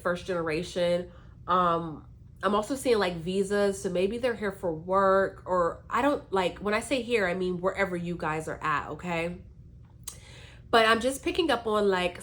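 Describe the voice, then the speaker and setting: Chatty woman doing a tarot reading. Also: medium pitch. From US East Coast, north. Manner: chatty, loose, lots of fillers. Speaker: tarot reader. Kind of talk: casual tarot reading to viewers.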